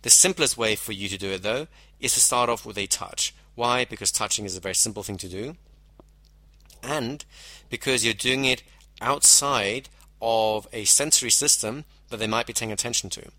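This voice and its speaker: A man gives a measured lecture on hypnosis, explaining techniques step by step and slowing down to stress key phrases. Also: lowish voice, bright, forceful tone, no room sound. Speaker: hypnosis instructor. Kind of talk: teaching lecture.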